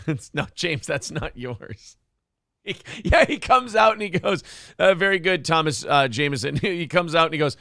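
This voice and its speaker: Male podcast host, lively pitch, dry close sound, jokey mock comedian bits. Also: moderate pace, vocal fry, dry recording. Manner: mock stand-up impressions, laughing often. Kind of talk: casual comedic chat.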